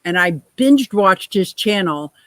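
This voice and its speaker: A woman's voice: medium pitch, animated, a little slow, fairly bright tone, no room sound, low-quality recording. A middle-aged woman hosting a casual livestream chat, reading out viewer comments and laughing often. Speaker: livestream host.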